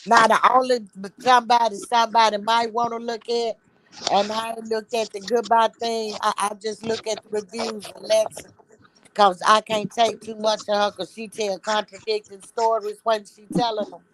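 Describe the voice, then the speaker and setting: A woman's voice: a little high, flat delivery, moderate pace, fairly bright tone, slight background noise. A woman, a guest on a casual video-call chat, ranting in a blunt, sassy way.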